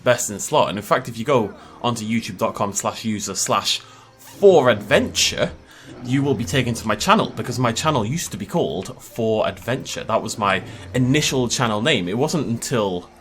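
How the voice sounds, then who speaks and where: A man's voice: fairly low pitch, fairly quick, few pauses, fairly bright tone, soft background music. A man giving casual gameplay commentary as a YouTuber, chatty and joking, laughing often. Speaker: gaming YouTuber.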